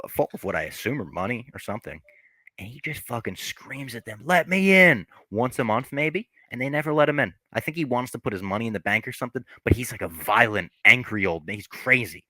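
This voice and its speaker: A man's voice: on the low side, bright, forceful tone, no echo. A man hosting a podcast, recapping a movie in loose, rambling chat and swearing freely. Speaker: podcast host.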